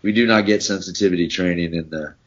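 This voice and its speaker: Male interview guest, very low voice, halting and dry, lo-fi audio. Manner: halting, with many fillers and restarts, dry humor. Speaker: guest, former Navy SEAL. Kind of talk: casual interview talk. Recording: dull lo-fi podcast audio.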